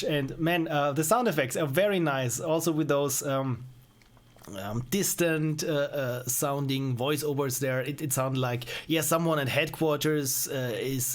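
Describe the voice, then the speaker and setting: A young man streaming and reviewing small indie games, chatting casually with a rambling, self-mocking manner and frequent chuckles. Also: medium pitch. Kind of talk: casual live-stream commentary.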